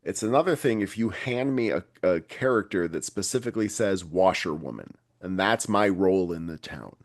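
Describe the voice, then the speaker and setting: A man's voice: sits low, animated, normal speed, no room sound. A man hosting a podcast in casual banter, with dry self-mocking jokes. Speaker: podcast host.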